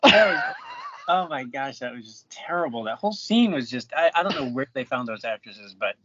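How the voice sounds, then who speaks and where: A man's voice: mid-range voice, lively intonation, brisk, a bit bright, dull audio, slight background noise. A man co-hosting a casual movie podcast, easygoing and laughing often. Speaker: podcast co-host.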